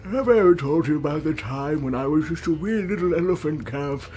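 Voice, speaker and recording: A man doing a warm old grandfather elephant. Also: on the high side, expressive, a little fast, soft background music, close to an everyday voice. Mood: warm, grumbling. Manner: warm, inviting, rambling about old times. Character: warm, deep-voiced elderly male elephant grandfather.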